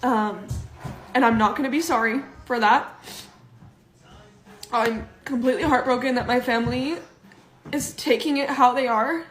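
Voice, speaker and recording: A woman's voice: fairly high pitch, fairly even intonation, normal speed, long pauses, roomy sound, low-quality recording. A woman talking earnestly and emotionally in a personal social media video.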